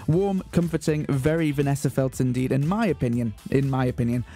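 A man hosting a community radio show, announcing in a mock-grand, deadpan way. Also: mid-range voice, a little fast. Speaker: radio host. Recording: faint music bed behind.

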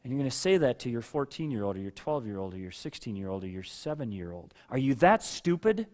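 A pastor and father preaches a sermon conversationally, fast and expressive in a voice on the low side. He questions listeners by name and at times rises into loud rhetorical outbursts for emphasis.

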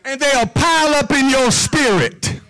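High-voiced preacher man, rhythmic sermon. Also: measured pace, sharp tone, poor audio. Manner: rhythmic, call-and-response preaching.

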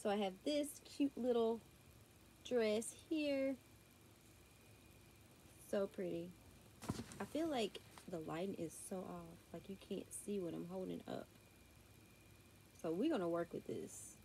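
Showing off a clothing haul at home with her daughter around, this young Southern US vlogger speaks in a mid-range, dark-toned voice with vocal fry. She goes a little slow and pauses often, chatty and drawling in a thick accent, with plenty of y'alls. Slight background noise comes through her tablet's built-in mic.

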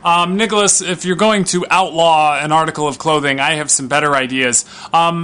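A man's voice: fairly high pitch, lively intonation, fairly quick, pushed and bright. A male comedian delivering a sarcastic, rambling comic monologue, with plenty of fillers.

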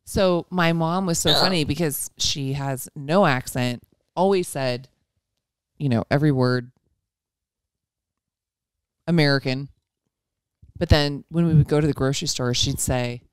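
A woman co-hosting a casual podcast, telling animated stories and laughing often. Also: low-pitched, unhurried, pauses often, clean tone, no echo. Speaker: podcast co-host. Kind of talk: casual chat. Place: living room at parents' house.

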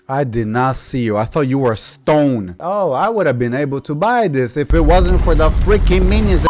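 Excitable young man yelling at enemies. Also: medium pitch, unhurried. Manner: excitable, shouts and yelps at enemies, slangy. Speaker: gaming YouTuber. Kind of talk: casual gameplay commentary.

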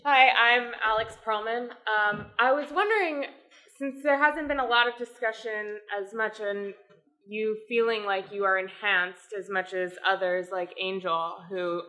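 A woman in the audience puts a question to the panel. Her voice is bright and tense, and she asks tentatively, at an ordinary middle pitch. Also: unhurried. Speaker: audience member asking a question.

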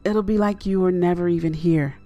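A woman voicing an injured male crash victim who speaks weakly and with a rasp in a horror story. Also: fairly low pitch, steady tone, fairly quick, dark tone, muffled recording, soft background music, lightly acted. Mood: pleading. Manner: weak, rasping.

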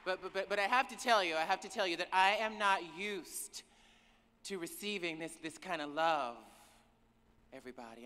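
A woman's voice: on the low side, noisy background. A woman giving an emotional, emphatic conference keynote, calling out to the audience. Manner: emotional, emphatic, calls out to the crowd. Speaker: keynote speaker. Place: large conference hall. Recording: reverberant hall with cheering crowd.

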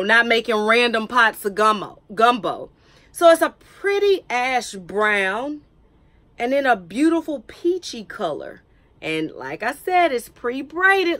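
A woman's voice: fairly high pitch, fairly bright tone, no room sound. A woman, chatting to camera in a wig review vlog, joking and teasing herself. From United States. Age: 30s. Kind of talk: casual chat to camera.

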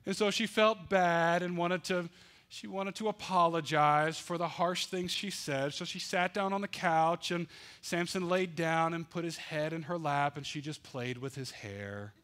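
A male pastor preaching a sermon, telling a story with animated, dramatic delivery. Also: on the high side, measured pace.

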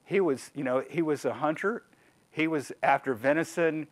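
A man's voice: a little high, moderate pace. A man giving a conversational history lecture with slides as a guest speaker, wry and digressive. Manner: wry, digressive, lively storyteller.

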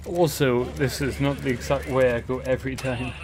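A man casually commenting on his own gameplay, swearing a lot with loud frustrated outbursts. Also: medium pitch, level tone, normal speed, slight background noise. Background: game sounds.

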